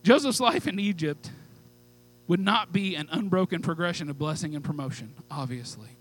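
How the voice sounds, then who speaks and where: A man preaching a sermon with fervent, pleading delivery, moving from hushed asides to loud calls. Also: fairly high pitch, expressive, moderate pace, low-quality recording. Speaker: pastor.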